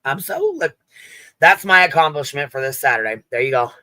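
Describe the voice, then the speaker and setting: Laid-back sweary guy hosting a stream, bright tense voice, dry close mic. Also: fairly high pitch, lively intonation, fairly quick, no room sound. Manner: laid-back and heavily profane. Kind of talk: casual livestream chat.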